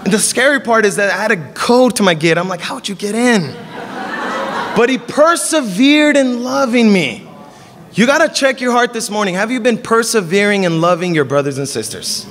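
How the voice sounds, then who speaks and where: A young man preaching a sermon, telling stories and acting out the dialogue with lively energy. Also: sits high, fairly quick. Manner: animated storytelling, acting out dialogue. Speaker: pastor. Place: church service in a hall. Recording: long reverb of a hall.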